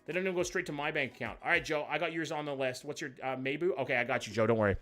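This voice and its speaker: A man's voice: fairly high pitch, racing, sharp tone, soft background music. A young man hosting a live reaction stream, chatting loosely with viewers, swearing and joking as he reacts to what he sees. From Canada. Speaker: livestream host.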